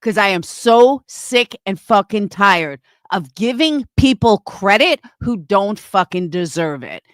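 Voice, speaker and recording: A woman with a mid-range, expressive voice hosts a livestream, ranting angrily and swearing constantly as she reads and answers her chat, often repeating herself. She speaks slowly with few pauses, and there's no echo.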